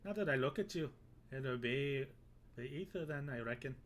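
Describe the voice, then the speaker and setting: A man's voice: medium pitch, lively intonation, normal speed, fairly bright tone, a little hiss or hum, close to an everyday voice. A man putting on a folksy Irish sailor peddler. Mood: chatty. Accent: exaggerated put-on Irish. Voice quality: folksy rustic talk. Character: bearded adult male sailor peddler, chatty. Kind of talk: reading game dialogue aloud.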